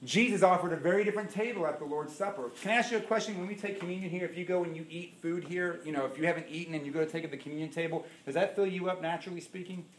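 A middle-aged man preaching a sermon as pastor, telling stories with big swings between loud and hushed. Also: on the high side, racing, hardly any pauses. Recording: echoey room.

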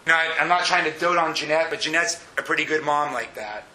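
A male pastor preaching an animated sermon, swinging between hushed asides and shouted peaks. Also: on the high side, brisk, reverberant, slight background noise, rough recording.

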